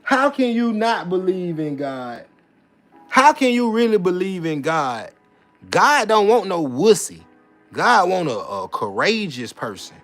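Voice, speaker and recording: A man with a fairly high voice rants to his viewers in a rough, preachy monologue. He swings from loud, emphatic preaching to low muttered asides and keeps leaning on filler tags. Faint music plays underneath. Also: very animated, a little slow. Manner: repeats filler tags like "you know what I'm saying". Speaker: vlogger.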